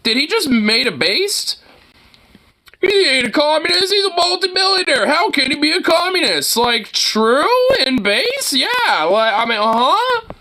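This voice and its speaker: A man's voice: very high-pitched, big pitch swings, a little slow, bright, forceful tone. A man streaming, reacting to clips with profane, mocking commentary and frequent laughter. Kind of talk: casual commentary.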